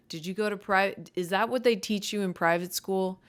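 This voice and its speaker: A woman's voice: lowish voice, steady tone, moderate pace, hardly any pauses, smooth. A young woman comedian hosting her own podcast, rambling casually, tripping over her words, easily irritated, with a voice that cracks. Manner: stumbling, self-deprecating, easily irritated.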